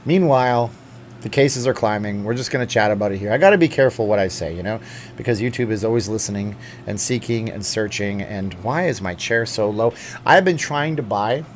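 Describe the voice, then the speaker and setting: A man's voice: medium pitch, normal speed. Canadian-born guy chatting on his live stream, rambly and jokey, a bit of background hiss. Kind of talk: casual live-stream chat.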